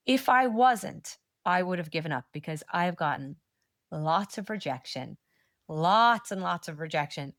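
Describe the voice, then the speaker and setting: A woman, a manifestation coach speaking as a podcast guest, telling stories in a lively, blunt and encouraging way with lots of "like". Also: fairly low pitch, dry recording, clean studio sound. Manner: animated storyteller, quick asides with frequent "like". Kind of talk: casual podcast interview chat.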